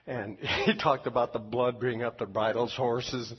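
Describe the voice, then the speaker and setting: A man preaching in a church service, telling a funny story with animated laughter and then softly inviting people forward to pray. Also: medium pitch, a little slow, husky, lo-fi sound. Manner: animated storyteller who laughs at his own tale, then soft pleading invitation. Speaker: pastor. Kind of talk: sermon with humorous story and altar call.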